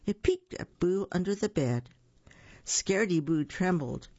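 Lively storyteller reading picture books aloud. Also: medium pitch, measured pace, dry recording. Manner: lively, sing-song with many slips. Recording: dull, dry lo-fi recording.

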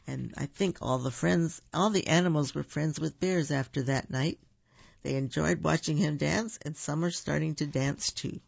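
A man gently reading picture books aloud, explaining things as he goes for a young audience. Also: fairly high pitch, gravelly, slightly rough, no room sound, muffled recording. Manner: gentle, unhurried, explains to children. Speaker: storyteller. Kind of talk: picture-book read-aloud.

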